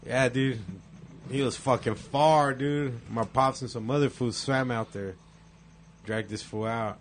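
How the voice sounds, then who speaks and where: A man's voice: mid-range voice, steady tone, measured pace, slight background noise. A man telling stories in casual chat, profane and laid-back, acting out the quotes.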